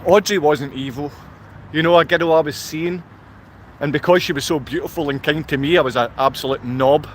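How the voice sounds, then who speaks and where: A man's voice: fairly high pitch, moderate pace, a little hiss or hum. A man with a Scottish accent, rambling through a live-stream monologue outdoors in a car park and answering viewer comments as he goes. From Scotland.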